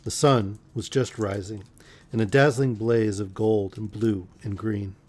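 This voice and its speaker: A man reads a pulp fantasy novel aloud as a bedtime story, keeping a measured pace with the odd slip. His voice sits fairly low and sounds steady and slightly mellow.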